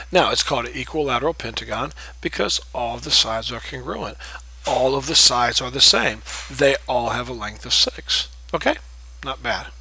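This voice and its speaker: A man's voice: mid-range voice, pushed and bright, breathy edge, rough recording. Patient man teaching geometry. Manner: patient, repeats key terms, checks in with "okay?". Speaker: math teacher. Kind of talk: recorded classroom lecture.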